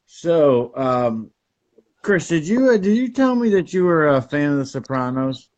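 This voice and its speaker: A man co-hosting a podcast, chatting casually in a laid-back, unhurried way. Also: a little high, sing-song, darkish tone. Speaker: podcast co-host. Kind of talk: casual chat. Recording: dull lo-fi recording.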